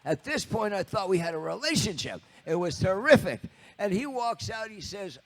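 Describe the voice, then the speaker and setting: A rambling, chuckling Canadian rock drummer in his seventies spins a story from the stage. His voice sits a bit high for a man and swoops around lively. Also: normal speed. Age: 70s. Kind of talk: storytelling on stage between songs. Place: live concert in a TV studio.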